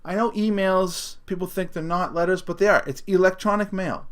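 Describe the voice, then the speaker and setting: A man's voice: high-pitched, fairly even intonation, brisk, a bit bright. A middle-aged man hosting a comedic solo podcast rant, sarcastic and mocking, breaking into laughter often. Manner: laughs often between sentences. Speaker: podcast host.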